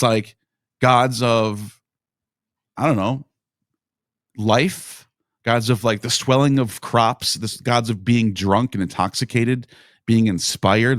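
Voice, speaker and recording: A man's voice: medium pitch, dry recording, studio quality. A man as a podcast guest in casual discussion, thinking aloud in meandering explanations.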